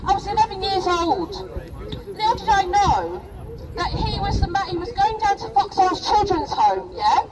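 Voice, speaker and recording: Heavy background noise surrounds an extremely high-pitched, very animated woman speaking at a moderate pace. She's a middle-aged protest speaker from Rochdale in England, stirring up an outdoor street crowd with emotional, impassioned words and frequent calls of "yeah?" It's recorded from a distance amid the crowd.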